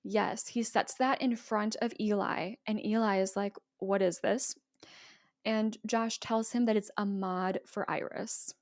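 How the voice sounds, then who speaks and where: A woman co-hosting a casual podcast, retelling a film's plot with lively quoted lines and frequent laughter. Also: medium pitch, a little slow, hardly any pauses, no echo, studio quality. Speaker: podcast co-host. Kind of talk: casual movie recap.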